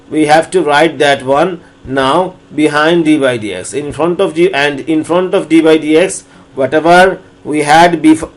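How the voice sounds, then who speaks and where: A man lecturing on differential calculus, walking through each step slowly and repeating phrases as he explains. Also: a little high. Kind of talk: recorded math lecture.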